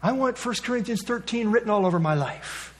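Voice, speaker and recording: High-voiced man preaching a sermon. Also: lively intonation, brisk. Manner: conversational storytelling, folksy asides. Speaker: pastor.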